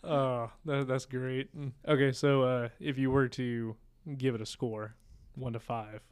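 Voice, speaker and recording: A man talks in a flat, even tone with a smooth, clear voice. He co-hosts a casual film podcast and rambles through his stories deadpan. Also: medium pitch, a little slow. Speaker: podcast co-host. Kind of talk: casual chat.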